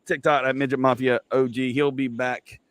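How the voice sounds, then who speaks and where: A man's voice: mid-range voice, level tone, moderate pace, over a noisy crowd. Rambling casual male podcast host. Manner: loose, rambling, joking, many fillers. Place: home.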